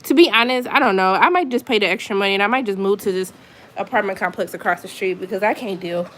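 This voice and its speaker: A woman's voice: medium pitch, quick pace, a bit bright. A woman chatting casually on a live stream from her apartment, venting in an exasperated way with lots of asides. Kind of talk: casual chat to viewers.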